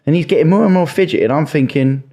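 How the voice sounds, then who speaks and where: A man's voice: a little high, racing, warm tone. A man telling stories in casual podcast chat, often laughing. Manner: laughing storyteller, chatty. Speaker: podcast guest.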